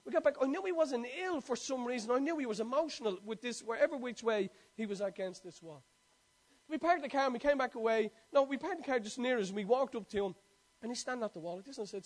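A man's voice: very high-pitched, expressive, quick pace. A man preaching a sermon, telling a personal story in a conversational way and quoting scripture.

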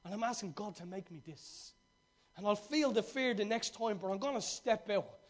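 A man preaching a fervent, storytelling sermon that swings from loud to hushed. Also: sits high, normal speed.

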